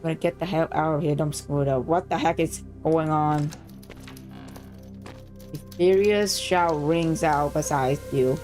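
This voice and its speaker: A woman streamer reading a story game aloud, reacting excitedly and swearing freely between lines. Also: sits low, a little slow, soft background music.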